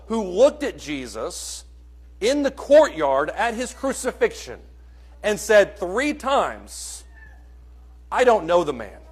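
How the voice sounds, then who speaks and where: A man preaching a sermon in a church, earnest and questioning, swinging between soft and loud. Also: high-pitched.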